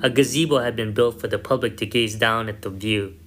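A man narrating a first-person story in a measured, somber way. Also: fairly low pitch, steady tone. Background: soft guitar music.

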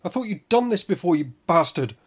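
A man with a husky voice voicing a fierce woman in labour who bellows and screams. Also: on the low side, very animated, a little fast, pitched above the performer's own voice, full character voice. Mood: furious.

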